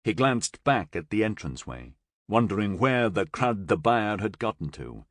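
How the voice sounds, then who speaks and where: In clean studio audio with no room sound, a fairly low-pitched male narrator reads a science fiction audiobook. His scripted delivery is expressive and storytelling in style, at a moderate speed.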